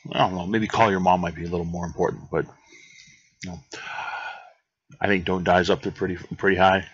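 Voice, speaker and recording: Deep husky gamer rambling over gameplay. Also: male voice, steady tone, a little fast, muffled recording. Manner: rambling and joking, with restarts. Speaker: gaming channel host. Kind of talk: let's play commentary.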